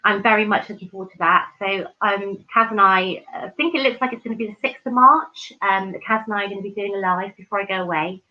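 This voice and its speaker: Reading out viewer comments on her live stream, a woman chats in a casual, effusive way, full of ums and restarts. Her mid-range voice runs a little fast with hardly any pauses, over dull lo-fi stream audio.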